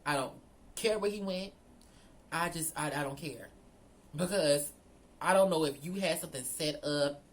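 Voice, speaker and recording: A woman telling a storytime vlog, animated and profane, talking straight to her viewers. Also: low voice, normal speed, long pauses. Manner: animated, profane, addresses viewers as girl and y'all. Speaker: storyteller vlogger.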